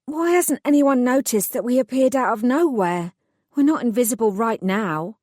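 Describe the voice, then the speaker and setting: A woman's voice: a little high, expressive, moderate pace, a little mellow, no room sound, studio quality, voice pushed up. A woman voicing a determined young fairy godmother, lifting her voice a little for the heroine's lines in an audiobook. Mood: eager.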